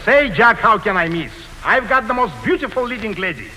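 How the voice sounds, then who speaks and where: An actor playing a boastful film director with a Russian accent in a 1940s radio comedy, grandiose and mangling idioms. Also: male voice, high-pitched, animated, fairly quick, sharp tone, slight background noise, heavily acted. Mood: blustering. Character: blustering, boastful adult male film director. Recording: 1940s radio broadcast in a reverberant hall.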